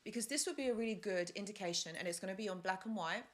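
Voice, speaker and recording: A woman's voice: mid-range voice, racing. A woman hosting a live-stream advice talk, chatty and rambling, with fillers and side stories. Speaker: host.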